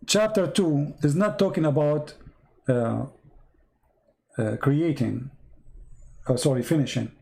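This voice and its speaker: High-voiced man pressing a caller, hoarse. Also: a little mellow, poor audio. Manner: insistent, repeats his questions, reads verses aloud. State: losing his voice. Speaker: live stream host debating a caller. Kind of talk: argumentative live stream debate.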